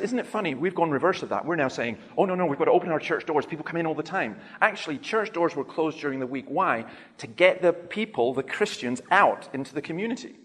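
Animated male preacher in a reverberant hall. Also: on the high side. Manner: animated storyteller, acts out quoted voices. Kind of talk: sermon.

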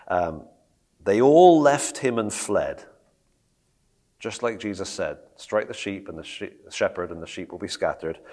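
A man teaching a Bible study in a conversational way, reading scripture aloud and asking the group questions. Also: deep voice.

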